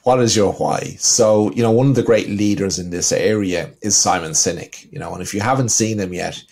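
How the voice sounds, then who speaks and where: Husky Irish man on a podcast. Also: lowish voice, normal speed, a little mellow. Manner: storytelling, leans on "you know". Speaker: podcast co-host. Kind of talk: casual podcast chat.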